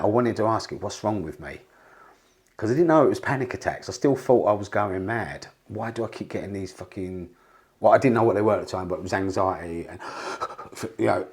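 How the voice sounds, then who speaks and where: A man speaks in a fairly low voice as a podcast guest. He rambles through candid stories, swears freely and often restarts his sentences. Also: a little mellow. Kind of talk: candid storytelling interview.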